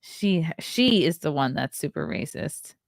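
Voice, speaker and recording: A woman's voice: deep voice, expressive, a little slow, vocal fry, no room sound, clean studio sound. A woman streaming from her home desk, chatting in a rambling way with sarcastic asides while reviewing a film and reading chat. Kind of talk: casual live-stream chat. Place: home desk setup with webcam.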